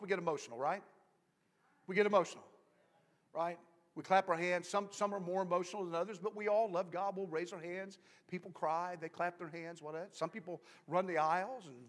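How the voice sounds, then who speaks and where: A man preaching a sermon in church, repeating himself as he builds from soft talk to loud, fervent preaching and back down. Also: high-pitched. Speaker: pastor. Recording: long hall reverb.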